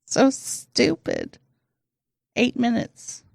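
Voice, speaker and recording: A woman's voice: a little high, huge pitch swings, very slow, creaky, no room sound, studio quality. A woman co-hosting a comedy podcast, chatting in a giggly, playful way. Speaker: podcast co-host. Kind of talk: casual comedy chat.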